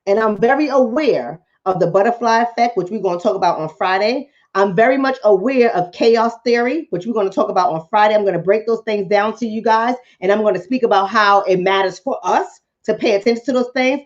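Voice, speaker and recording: A woman's voice: medium pitch, a little fast, hardly any pauses, muffled recording. A woman vlogger and coach giving impassioned commentary to her viewers, preaching, repeating lines for emphasis and calling them family.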